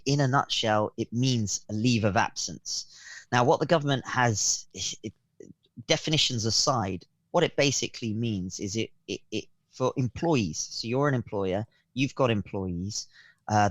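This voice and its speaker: A man, a guest accountant on a radio interview, explaining government schemes haltingly with many fillers and restarts. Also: lowish voice, dry recording.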